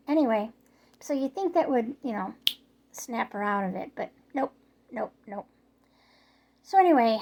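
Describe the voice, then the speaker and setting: A middle-aged woman vlogging about her neighbors, her voice a little hoarse, rambling along with lots of filler words. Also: medium pitch, darkish tone. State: slightly hoarse from yelling. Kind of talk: casual storytelling vlog.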